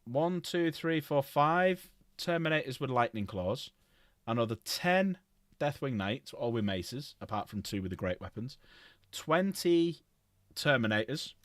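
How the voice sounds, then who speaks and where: A man's voice: mid-range voice, lively intonation, unhurried, no room sound, studio quality. Rambling man streaming. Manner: rambling, self-correcting, lists items aloud. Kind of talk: casual livestream chat.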